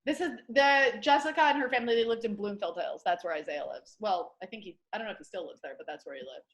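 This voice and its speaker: A young adult woman from the Detroit area, a comedian telling a story on a podcast in casual chat, acting out quotes with big loud voices. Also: medium pitch, fast. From Michigan, Detroit area. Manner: animated storyteller, acts out quotes loudly. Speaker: comedian guest.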